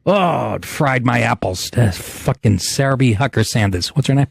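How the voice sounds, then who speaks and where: Profane, animated ranting male host. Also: mid-range voice, moderate pace, gravelly, slightly rough, no room sound, clean studio sound. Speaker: podcast host. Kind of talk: casual ranting talk show.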